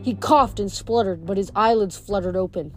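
A woman reading a novel aloud, steady but with small slips she corrects as she goes. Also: medium pitch, moderate pace, faint music behind. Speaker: reader.

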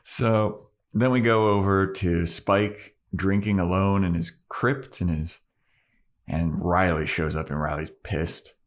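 Man, podcast co-host, lowish voice, casual rambling recap, swears a lot. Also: fairly even intonation, slow. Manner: loose storytelling with frequent swearing and "like". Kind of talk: casual episode recap chat.

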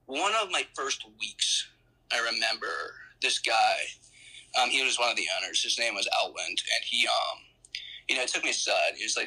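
Speaking at a medium pitch and moderate pace, this man has a very bright, edgy voice with a husky grain. As an interview guest, he tells his story loosely and ramblingly, circling back with restarts and fillers. The audio quality is poor.

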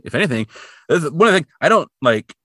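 A man's voice: fairly high pitch, very animated, fast, bright, forceful tone, no room sound, clean studio sound. A man co-hosting a podcast, recapping an episode in casual, rambling chat and briefly putting on voices for the characters. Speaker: podcast co-host.

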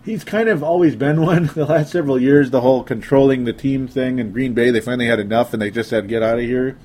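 A man's voice: mid-range voice, fast, darkish tone. A young man hosting a casual sports talk show, reading listener comments aloud and joking around. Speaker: sports podcast host.

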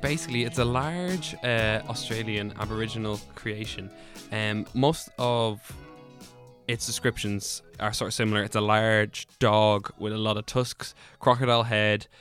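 A man's voice: fairly low pitch, steady tone, normal speed, a bit bright, faint music behind. A man co-hosting a podcast with dry humor, steering the talk back on track. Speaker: podcast co-host. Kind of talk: casual podcast chat.

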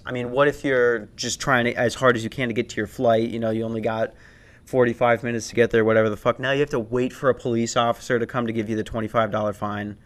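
Profane rambling young man telling stories. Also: mid-range voice. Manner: rambling, profane, laughing, with many restarts. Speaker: podcast host. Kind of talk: casual storytelling chat.

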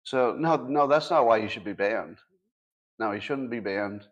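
A man's voice: fairly low pitch, normal speed, dull audio. A man in his sixties hosting a casual livestream, talking to his audience with dry sarcastic asides. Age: 60s. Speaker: podcast host.

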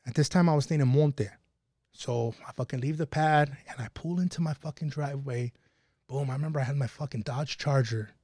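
A man's voice: medium pitch, brisk, mellow, no room sound, studio quality. A man telling a profane, laughing story in casual podcast talk. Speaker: podcast guest.

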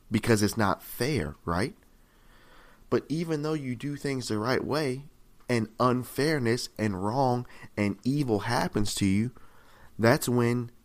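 A man preaching a sermon in a conversational, repetitive way, often checking in with "right?" and rising in pitch and volume to stress a point. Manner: rises in pitch and volume for emphasis.

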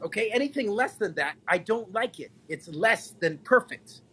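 A man in a casual podcast chat, an animated storyteller who repeats phrases and laughs often. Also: sits high, moderate pace, slightly rough, rough recording. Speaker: podcast guest.

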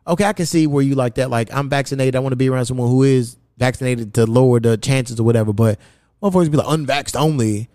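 A young man from hosting a podcast, telling loose, profane stories in casual chat and jumping his pitch high when he quotes someone. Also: fast talker, mellow, dry recording, studio quality. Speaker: podcast host.

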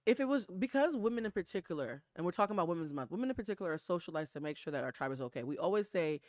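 A woman's voice: deep voice, racing, no echo. A woman in her thirties hosting a podcast, talking candidly and emotionally, close to tears. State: fighting back tears. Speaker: podcast host. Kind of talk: casual chat.

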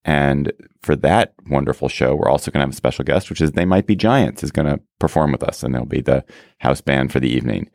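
A man hosting a political podcast, talking in a relaxed, wry way with restarts and filler. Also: very deep voice, brisk, gravelly, no echo, clean studio sound. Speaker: podcast host. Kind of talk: casual political podcast chat.

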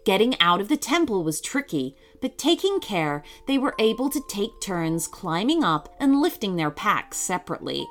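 A woman reading a children's story aloud in a slow, expressive way. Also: mid-range voice, faint music behind.

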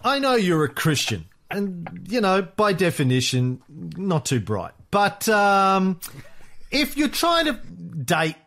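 A man's voice: sits high, sing-song, slow, gravelly, a bit bright. A man co-hosting a podcast in casual banter, cheeky, teasing and profane. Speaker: podcast co-host.

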